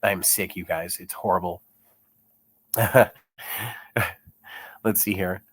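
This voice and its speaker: A man's voice: sits low, fairly even intonation, takes it slowly, a bit bright, husky, no echo. A young man with chest congestion, sick, chatting casually through a commentary vlog, chuckling often and rambling with lots of fillers. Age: young adult. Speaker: YouTuber reading comments.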